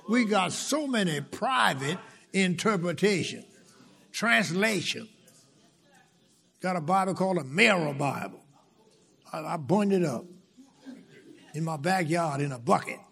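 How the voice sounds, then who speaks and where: A man's voice: fairly high pitch, animated, a little slow, creaky, long pauses, a bit bright, husky. A man, preaching a sermon and reading scripture aloud, building to emphatic call-and-response. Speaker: pastor. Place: church sanctuary. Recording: long reverb of a large church.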